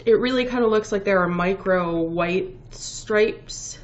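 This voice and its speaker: A woman's voice: medium pitch, measured pace. A woman with a head cold, sniffling as she hosts a casual knitting podcast, rambling and correcting herself as she shows off her finished work. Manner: rambling, self-correcting, lots of ums. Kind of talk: casual show-and-tell chat. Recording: dull lo-fi home recording with faint background noise.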